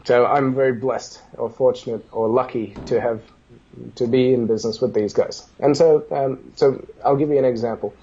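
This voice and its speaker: Animated storytelling man, husky warm voice. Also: mid-range voice, moderate pace, dull audio. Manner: animated, acts out dialogue in stories. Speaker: business guest. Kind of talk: casual interview storytelling.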